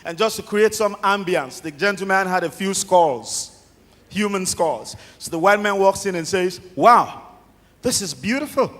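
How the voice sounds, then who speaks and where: High-voiced Nigerian comedian in a big hall. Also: male voice, normal speed. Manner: animated storyteller, calls out to the crowd. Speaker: stand-up comedian. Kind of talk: stand-up joke telling. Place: large awards ceremony hall. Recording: long reverb of a large hall.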